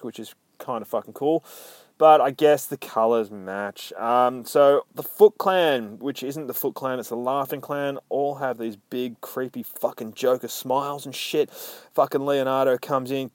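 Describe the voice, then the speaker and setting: A man's voice: medium pitch, darkish tone, no room sound. A young man casually recapping a comic book issue in a rambling, heavily profane way.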